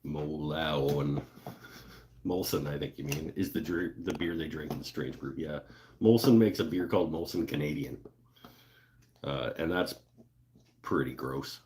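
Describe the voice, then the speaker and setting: A man's voice: very deep voice, normal speed, pauses often, darkish tone, a little hiss or hum. A man hosting a casual livestream from his woodworking shop, chatting loosely and jokingly with viewers. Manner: laid-back, joking, lots of fillers and laughs. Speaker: livestream host. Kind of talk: casual livestream chat reading viewer comments.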